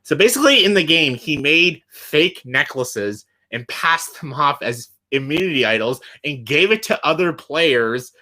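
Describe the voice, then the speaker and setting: A man's voice: a little high, expressive, unhurried, few pauses, pushed and bright. A man talking casually on his vlog as he ranks favorites, enthusiastic and blunt, swearing freely and filling gaps with "like" and "uh.". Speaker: YouTuber ranking show winners.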